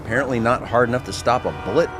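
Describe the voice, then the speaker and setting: Over background music, a man with a medium-pitched voice talks very fast as he plays a video game. He's a chatty, self-mocking streamer giving casual commentary while playing a tipsy character.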